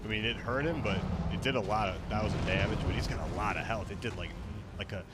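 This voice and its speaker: A man casually chatting and joking while he plays a game, laid-back and rambling, with loud game sounds behind. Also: fairly low pitch, quick pace, very noisy. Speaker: gamer streamer. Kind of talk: casual gameplay chat.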